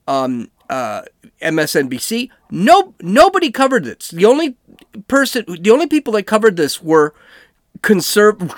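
A man's voice: sits high, no room sound, clean studio sound. A man hosting a casual political podcast, talking in a sarcastic, ranting way. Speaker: podcast host.

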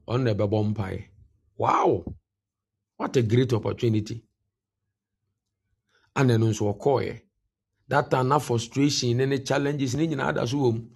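A man's voice: mid-range voice, vocal fry, darkish tone, husky. A Ghanaian man preaching a morning devotion sermon. He mixes Twi and English and repeats key phrases for emphasis. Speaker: pastor.

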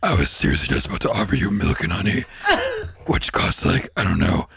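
A man's voice: low-pitched, lively intonation, fairly quick, gravelly, fairly bright tone, exaggerated voice. A man voicing a goofy, laid-back male Satan in an improvised comedy bit, with a guttural, throaty voice and a lazy drawl that breaks into laughs. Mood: smug.

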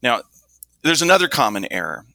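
A middle-aged man who works as a communication coach, explaining things in a measured, instructive way and demonstrating his points with his own voice. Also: mid-range voice, very animated, vocal fry, pushed and bright, dry recording. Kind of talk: explanatory interview talk.

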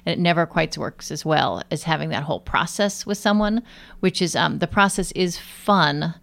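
A woman's voice: low-pitched, moderate pace, creaky, a bit bright. A woman guest, a nurse and aromatherapist, talking casually and animatedly in an interview with many fillers.

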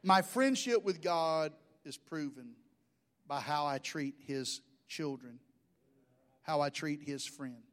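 A man's voice: a little high, takes it slowly, fairly bright tone. A middle-aged man, preaching a sermon in a folksy, joking storytelling way. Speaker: pastor.

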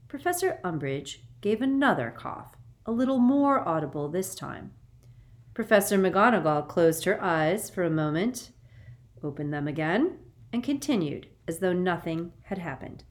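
Woman narrator, audiobook reading, lowish voice, lively expressive pitch, measured storytelling.

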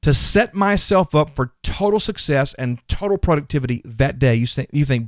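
A man's voice: fairly high pitch, lively intonation, moderate pace, hardly any pauses, dry recording, clean studio sound. A man hosting a motivational faith podcast, earnest and emphatic, often repeating his words. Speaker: podcast host.

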